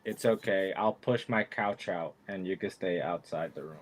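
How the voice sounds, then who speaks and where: A man chatting casually in a friendly, halting way, with frequent restarts. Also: sits low, no room sound. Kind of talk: casual chat.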